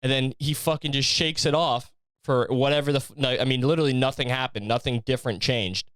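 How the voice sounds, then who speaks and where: Brief: young male host, rambling and profane, smooth tone, dry close mic. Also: medium pitch, steady tone, fairly quick, fairly bright tone, dry recording. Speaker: podcast host. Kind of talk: casual solo monologue.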